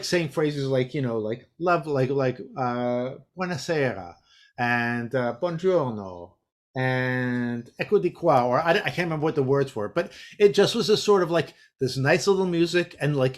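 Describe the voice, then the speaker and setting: A man giving a casual teacher-training talk, rambling with lots of fillers and restarts. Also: fairly high pitch. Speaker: teacher trainer presenting a session.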